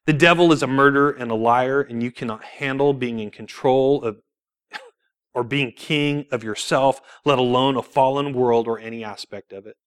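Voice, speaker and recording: A man's voice: medium pitch, normal speed, clean tone. A man preaching a sermon in a church, telling personal stories with rhetorical questions and laughing between points. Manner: animated storytelling with rhetorical questions.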